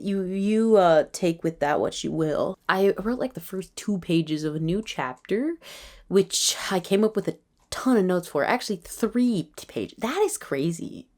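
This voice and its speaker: A young Canadian woman in her twenties, tired late at night, chatting in a casual, self-mocking way and often dropping to a whisper. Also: fairly low pitch. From Toronto, Canada. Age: 20s. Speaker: writer and vlogger.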